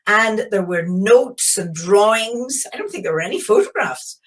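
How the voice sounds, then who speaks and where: Speaking over a video call, an older geologist from Belfast gives an enthusiastic, reflective storytelling presentation in her Northern Irish accent, often restarting and using fillers. Her medium-pitched voice is expressive and moderately paced.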